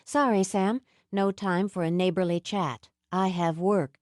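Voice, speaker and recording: Proud young witch voiced by a woman, tight-lipped and defensive, low and dry. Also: steady tone, unhurried, darkish tone, no echo, natural voice.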